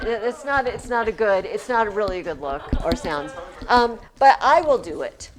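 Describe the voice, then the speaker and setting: A woman's voice: medium pitch, animated, moderate pace, a little hiss or hum. A woman teacher leading a classroom poetry lesson, reading verse aloud and chanting the rhythm of the lines.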